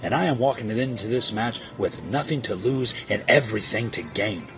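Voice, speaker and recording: A man's voice: lowish voice, lively intonation, moderate pace, music in the background. A man cutting a trash-talking wrestling promo, boastful and taunting, heaping insults on his opponent. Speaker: online wrestling league competitor.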